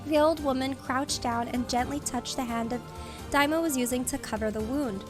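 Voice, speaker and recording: A woman streamer reads a novel aloud in a steady storybook manner. Her voice sits fairly high. Quiet music plays faintly underneath. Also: moderate pace.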